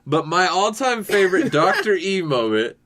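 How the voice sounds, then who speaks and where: A man's voice: sits high, very animated, moderate pace, a bit bright. A young man co-hosting a podcast, telling funny workplace stories in casual chat and laughing as he acts out what people said. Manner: laughs through his storytelling, acts out quotes. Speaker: podcast co-host.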